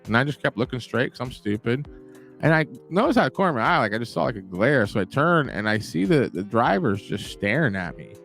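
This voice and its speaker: A man hosting a casual show, telling a long story in an animated, profane, rambling way. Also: mid-range voice, fast, gravelly, soft background music.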